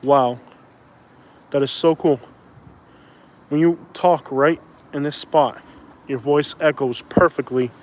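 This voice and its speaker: A man's voice: a little high, steady tone, slow pace, pauses often. A man in his thirties chatting casually on a live stream outdoors by a bridge, rambling and arguing back at viewers. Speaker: vlogger doing a live stream.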